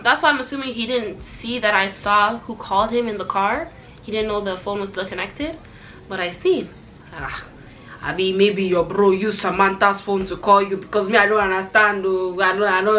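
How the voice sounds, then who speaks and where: A young woman tells a dating story straight to camera in a bright, cutting voice. She swings between high outraged bursts and low, muttered asides. Soft music runs quietly behind her. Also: fairly quick. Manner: animated, sarcastic, jumps high in pitch when outraged. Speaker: vlogger. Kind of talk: storytime chat.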